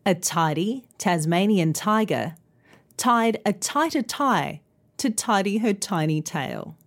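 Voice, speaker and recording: A woman presenting a scripted pronunciation podcast lesson in a clear, careful, instructive way. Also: mid-range voice, lively intonation, takes it slowly. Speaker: pronunciation teacher and news presenter.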